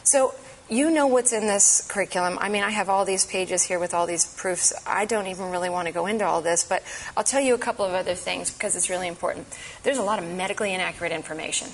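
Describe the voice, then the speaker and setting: A woman's voice: fairly low pitch, fast talker, a little hiss or hum, poor audio. A woman giving an impassioned, emphatic advocacy talk at a church event. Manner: earnest, emphatic, urgent.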